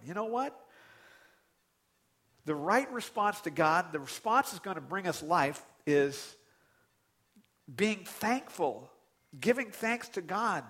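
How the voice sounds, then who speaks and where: Animated, bright-voiced man preaching. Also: high-pitched, takes it slowly, pauses often, slightly rough. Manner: animated preaching with sudden loud outbursts. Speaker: pastor. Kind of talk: sermon.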